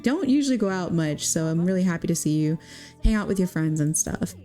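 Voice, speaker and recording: A gentle middle-aged aunt from a life-sim storybook, voiced by a woman narrator, soothing and motherly. Her voice is mellow and warm, never sharp. Faint plucked guitar plays underneath. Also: on the low side, expressive, brisk, lightly acted. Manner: soft, reassuring, motherly.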